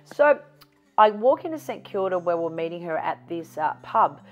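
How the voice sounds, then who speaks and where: Animated Australian woman telling stories. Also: on the low side, moderate pace, dull audio. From Newcastle, Australia. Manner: animated storyteller, acts out quoted dialogue. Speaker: guest, psychic. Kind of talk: storytelling interview chat.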